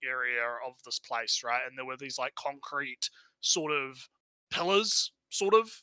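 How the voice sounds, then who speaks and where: A man's voice: mid-range voice, lively intonation, unhurried, pushed and bright, clean tone, no echo, rough recording. A man co-hosting a stream in casual chat, rambling and tagging his points with "right?" while repeating words as he starts. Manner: rambling, tags lines with "right?". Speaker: stream co-host.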